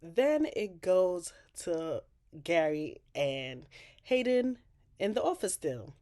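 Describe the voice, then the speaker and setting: A woman with a fairly low voice recaps a TV episode in casual chat. She talks in an animated way, full of slang and swearing, and she is close to the mic. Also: slow pace. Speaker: TV show recapper.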